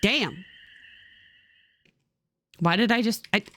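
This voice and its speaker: A woman streamer giving casual game commentary in an animated, sarcastic way, with plenty of swearing. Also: medium pitch, unhurried, pauses often.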